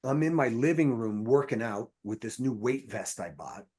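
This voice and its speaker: A man with a husky, slightly rough voice of middling pitch tells stories as a podcast guest. He rambles and swears freely as he builds each anecdote. His delivery is loose and conversational. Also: normal speed. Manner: profane, rambling, animated anecdotes. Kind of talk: casual storytelling chat.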